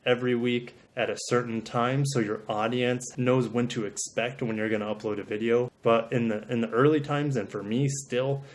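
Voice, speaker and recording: A man talking to camera in an even, middle-pitched voice, sharing tips for growing a channel. He sounds earnest and a bit self-deprecating, and he often doubles back and repeats words as he explains. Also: moderate pace, few pauses, slight background noise. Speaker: YouTuber. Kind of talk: advice monologue to camera.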